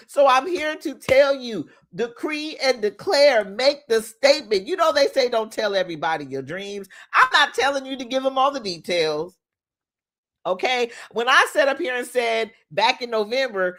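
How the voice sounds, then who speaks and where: Lively preachy woman coach. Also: a little high, a little slow. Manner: animated, preachy, playful, laughs often, hollers for emphasis. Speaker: host, manifestation coach. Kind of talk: motivational talk.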